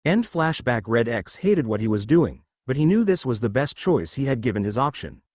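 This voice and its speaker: A man narrating a fan fiction story aloud in a plain, even storytelling manner. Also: mid-range voice, moderate pace, no echo.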